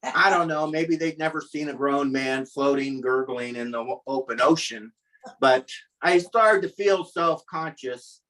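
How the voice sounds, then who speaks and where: A man's voice: medium pitch, a little slow, sharp tone, recorded from a distance, rough recording. A man telling a comic personal story at a live storytelling event, wry and self-mocking.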